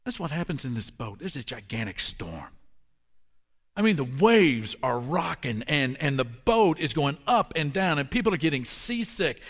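A man in his fifties preaching a sermon, telling stories in an animated way that drops to a hush for quoted lines. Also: fairly high pitch, moderate pace, in a large hall. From Washington, D.C. area. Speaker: pastor.

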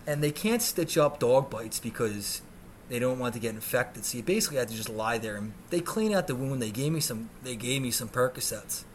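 A man's voice: medium pitch, a little hiss or hum. A man hosting a podcast, telling a story in a comic, profane way and shrieking when he acts out scenes. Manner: animated, swears a lot, shrieks when acting out scenes. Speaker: podcast host.

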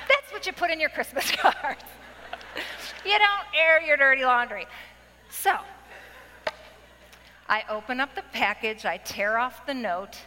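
Animated woman in her forties, high voice. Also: a little hiss or hum. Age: 40s. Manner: animated storytelling with big swings in pitch. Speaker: guest speaker giving her testimony. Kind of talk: church testimony talk. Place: church worship center. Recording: long hall reverb.

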